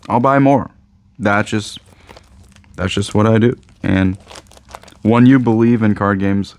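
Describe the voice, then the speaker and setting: A man with a Midwestern American accent, a card shop owner rambling casually to camera, joking and repeating himself. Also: lowish voice. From Indiana, USA.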